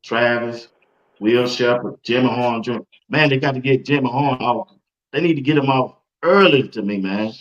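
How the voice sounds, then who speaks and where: A man's voice: medium pitch, normal speed. A man hosting casual sports talk, loose and playful as he asks his questions. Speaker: host. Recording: dull lo-fi stream audio.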